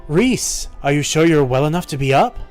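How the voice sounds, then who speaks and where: A man voicing a stern but caring female deputy commander of mercenaries, calm and commanding. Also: on the high side, moderate pace, soft background music, close to an everyday voice. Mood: firm, caring. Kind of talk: voicing game dialogue.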